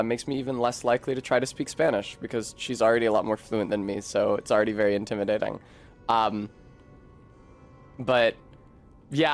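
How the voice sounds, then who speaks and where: An American man chatting casually while livestreaming a game, rambling with self-corrections and the odd swear. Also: medium pitch. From United States. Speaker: game streamer.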